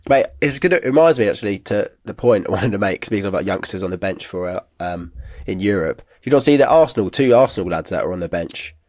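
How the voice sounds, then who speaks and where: A man's voice: lowish voice, expressive, quick pace, few pauses, darkish tone, no room sound, clean studio sound. A man, a podcast co-host in laid-back football chat over a video call.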